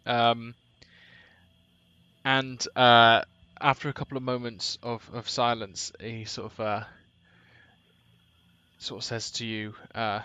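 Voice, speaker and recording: Slow um-filled guy running a tabletop game, bright voice, kinda dull lo-fi sound. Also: medium pitch, little pitch movement, clean tone, no room sound. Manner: hesitant, many ums and restarts. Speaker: game master.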